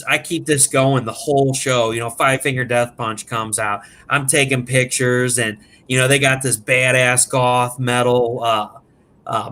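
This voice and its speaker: A man telling a prank story in animated, casual, profane chat as a podcast guest. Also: mid-range voice. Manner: animated, profane, laughs at his own story.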